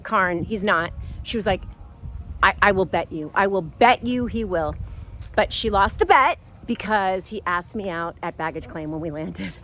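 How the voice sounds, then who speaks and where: Animated middle-aged woman telling a story. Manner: animated, acts out quoted voices with big pitch jumps; giggly, playful. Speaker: vlogger telling a personal story. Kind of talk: casual storytelling.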